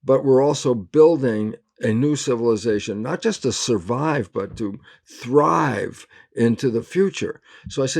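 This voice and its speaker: A man's voice: medium pitch, a little slow, vocal fry, few pauses, a little mellow. Emphatic older man speaking as an interview guest. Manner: earnest, emphatic, acts out quoted exchanges. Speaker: guest biologist. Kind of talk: animated interview talk.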